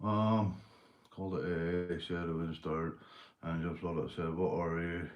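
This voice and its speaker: A Northern Irish man hosting a livestream, telling crude jokes, swearing and shouting out viewers. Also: low voice, level tone, a little slow, highs cut off. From Northern Ireland. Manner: rowdy, swearing, joke-telling, reading viewer comments. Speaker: livestream host. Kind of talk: casual livestream chat.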